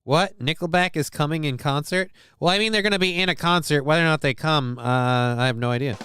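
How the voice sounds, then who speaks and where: A man's voice: fairly high pitch, fairly quick, bright, forceful tone, clear, resonant tone. A man hosting a livestream, chatting casually, cracking crude jokes and reading chat aloud. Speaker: livestream host.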